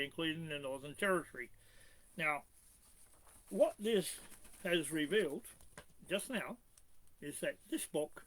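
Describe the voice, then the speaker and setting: A man's voice: fairly high pitch, a bit bright, low-quality recording. A man reading legal clauses aloud and arguing against them in a combative way, firing pointed rhetorical questions. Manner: reads clauses in a measured, halting way. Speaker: commentator rebutting a constitutional expert.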